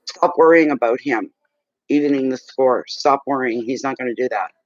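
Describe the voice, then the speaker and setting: A man's voice: medium pitch, normal speed, dry recording, lo-fi sound. A man giving a live tarot reading, earnest and reassuring, speaking straight to his client and getting teary. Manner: emotional, tearing up. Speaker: tarot card reader.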